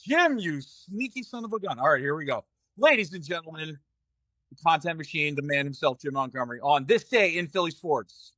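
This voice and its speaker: A man's voice: mid-range voice, bright, forceful tone, no room sound, clean studio sound. A man with a Boston accent hosting a casual podcast, teasing his panel and reading sponsors like an announcer. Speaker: podcast host.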